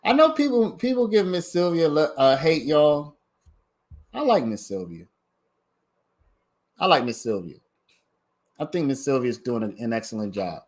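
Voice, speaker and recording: A man's voice: on the high side, sing-song, normal speed, pauses often, a little mellow. A man hosting a casual livestream, giving his commentary in a chatty way and talking straight to his viewers. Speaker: livestream host commenting on a trial.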